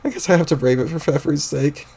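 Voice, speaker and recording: A man voicing an angry, panicky young male troll who rants loudly and frantically and swears a lot, while reading a webcomic aloud on stream. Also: fairly high pitch, fast talker, gravelly, a little hiss or hum. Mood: frantic. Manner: loud, ranting, frantic.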